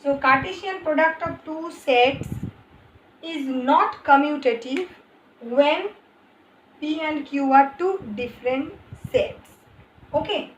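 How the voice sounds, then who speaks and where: High-voiced Indian woman teaching math slowly. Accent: Indian English. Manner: slow, repeats and rephrases points. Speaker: maths teacher. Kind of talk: explaining math on a board. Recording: echoey room, faint ambient noise.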